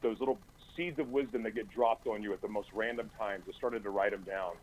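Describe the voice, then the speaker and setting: A man with a lowish voice talks briskly as a studio guest on a radio talk show. His personal testimony is earnest and intense, full of stammered restarts where he trips over and repeats words. The recording is rough, with slight background noise.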